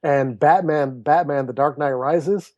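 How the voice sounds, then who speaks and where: A man in his thirties, an author and speaker appearing as a podcast guest, tells his story in a casual interview and animatedly acts out the voices of the people in it. His voice is a little high and measured in pace, with no room sound and the highs cut off.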